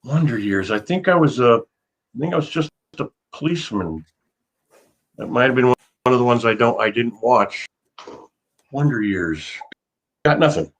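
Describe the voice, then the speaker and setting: A husky American man chatting as an interview guest, his voice swinging up and down with lively intonation. He rambles through self-mocking stories and breaks into loud laughter. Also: mid-range voice, normal speed, long pauses, poor audio. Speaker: actor guest. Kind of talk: casual interview chat.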